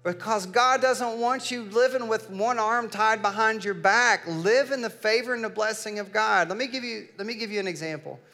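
A middle-aged man preaching a sermon. He tells a family story and builds up to loud, emphatic declarations. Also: high voice, normal speed, hardly any pauses. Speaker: pastor.

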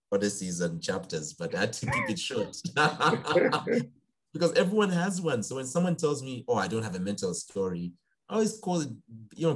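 A young man, a psychiatrist in training, talking casually in an interview and acting out remembered conversations. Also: lowish voice. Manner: animated storyteller, acts out quoted dialogue.

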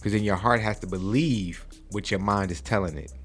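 A husky, fairly low voice moves at a fairly quick clip over faint music. He is a podcast host in his forties delivering a preachy motivational talk in casual podcast chat, often checking in with "okay?".

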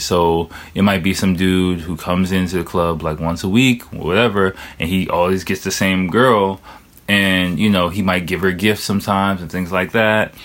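A man's voice: sits low, fairly bright tone. A young man telling stories in a loose, casual monologue, swearing often and filling his talk with "like" and "you know.". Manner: loose, profane, heavy on filler words. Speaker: vlogger.

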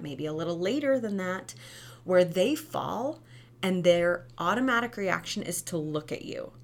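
A woman in her thirties, a former preschool teacher and mom, giving parenting tips in a chatty, animated way, often asking "right?". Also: lowish voice, a little hiss or hum. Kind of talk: casual advice talk.

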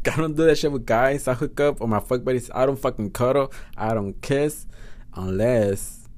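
Profane Spanish-accented man telling stories. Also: mid-range voice. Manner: blunt, profane, chatty. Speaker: podcast host. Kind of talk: casual storytelling monologue.

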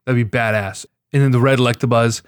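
A man in casual gaming chat, telling excitable, profane stories about his catches. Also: mid-range voice, fast, clean tone, dry recording.

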